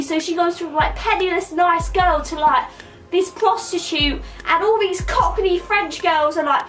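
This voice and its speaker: A woman's voice: extremely high pitch, a little slow, fairly bright tone, faint music behind. A woman, giving a rambling, crude, irreverent comic recap of a film. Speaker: comedic film reviewer.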